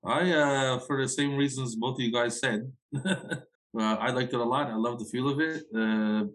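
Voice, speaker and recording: A middle-aged man co-hosting a casual movie podcast, halting and full of fillers. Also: mid-range voice. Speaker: podcast co-host. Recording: loud background noise.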